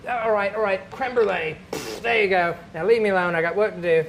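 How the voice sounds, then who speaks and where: A man's voice: high-pitched, sing-song, normal speed, faint music behind, pitched above the performer's own voice, rough recording. A man doing an exasperated, busy God. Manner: harried, exasperated.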